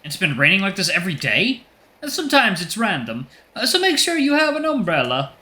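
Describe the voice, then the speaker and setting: Calm fox taxi driver, middle-aged, thick Italian accent, pitched high; a man puts him on. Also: fairly quick, full character voice. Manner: stereotypical put-on Italian lilt.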